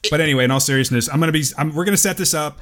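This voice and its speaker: A man's voice: on the high side, rapid-fire, fairly bright tone. Laid-back profane male podcast host. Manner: profane, laughs easily, rambling. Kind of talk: casual chat.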